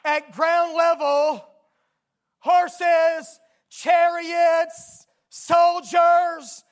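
High-voiced, slow, dramatic preacher. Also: little pitch movement. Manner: dramatic storytelling with emphatic outbursts. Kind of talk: sermon.

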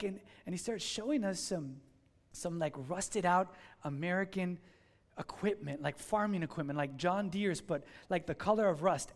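High-voiced animated male preacher. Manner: animated, conversational storytelling. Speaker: pastor. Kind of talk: sermon with storytelling. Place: church in Miami.

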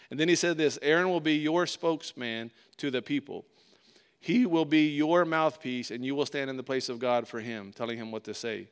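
A man's voice: medium pitch, moderate pace, clean tone. A man preaching as pastor in a conversational sermon, acting out God and Moses in short bits of dialogue.

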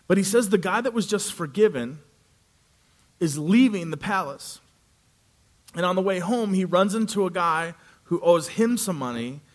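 Preaching a sermon, a male pastor tells a story with animated delivery, acting out the voices of its characters. His pitch is fairly high.

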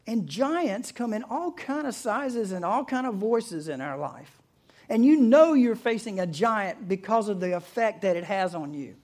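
A man's voice: high-pitched, lively intonation, a little slow, a little mellow. A man preaching a sermon in a conversational way, retelling the story vividly. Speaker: pastor.

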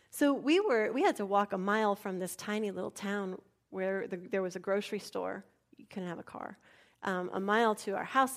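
Woman pastor telling stories. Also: medium pitch. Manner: soft, hushed storytelling that turns lively and animated. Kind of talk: storytelling sermon.

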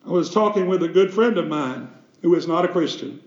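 A man's voice: fairly high pitch, expressive, fairly quick, reverberant, muffled recording. A man, a pastor, preaching a sermon with emphatic delivery and rhetorical questions.

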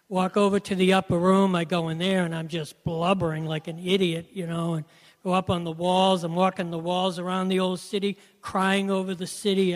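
A man's voice: sits high, big-room sound. A man giving an earnest personal testimony about faith, telling it as a story and often saying "you know". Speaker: Christian speaker sharing testimony.

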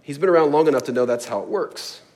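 A man's voice: on the high side, quick pace, darkish tone. A man preaching a sermon, explaining a scripture passage with storytelling and acted-out asides. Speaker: pastor.

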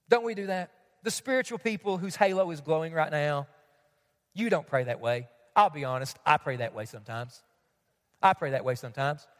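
A man's voice: fairly high pitch, a bit bright. A man preaching a sermon as pastor, emphatic, repeating key lines and asking the congregation questions. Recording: long hall reverb.

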